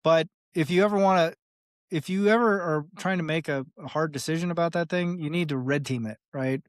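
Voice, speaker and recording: His voice is fairly high and a little fast, recorded dry with clean studio sound. As a podcast guest in an easygoing interview, he talks in a loose, rambling way, frequently saying "like" and "right?" and animatedly imitating other voices for quoted dialogue.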